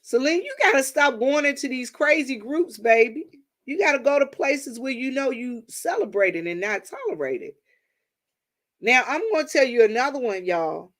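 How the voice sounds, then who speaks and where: A woman's voice: sits high, very animated, normal speed. A woman from Washington, D.C. hosting a livestream, chatting casually with viewers and telling stories, calling them y'all. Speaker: livestream host.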